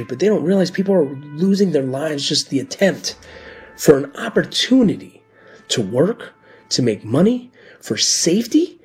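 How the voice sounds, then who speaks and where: A middle-aged man, a former border patrol agent and medic, tells his story earnestly on a radio show, pausing with fillers. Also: on the high side, a little mellow. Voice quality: very husky, raspy voice. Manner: earnest, heartfelt, halting with fillers.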